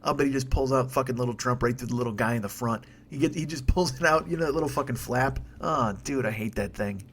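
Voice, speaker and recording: A man talks quickly into a microphone on his comedy podcast. He rants in a loose, rambling way, heavy with profanity and sarcasm. His pitch sits in the middle range. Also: a bit bright, a little hiss or hum. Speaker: podcast host. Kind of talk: solo comedy podcast rant. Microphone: studio microphone.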